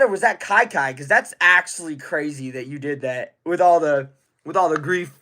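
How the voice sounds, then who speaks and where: Young man, higher-pitched voice, casual live-stream chat, excitable, answers viewers rapidly. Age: young adult. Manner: excitable, gives rapid shout-outs to donors; chatty, answers viewer questions one by one.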